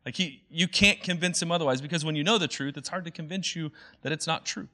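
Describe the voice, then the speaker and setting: Bright-voiced pastor, chatty and playful. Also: male voice, fairly high pitch, fast. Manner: chatty, many fillers, quoting movie lines in playful voices. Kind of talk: casual conversational sermon.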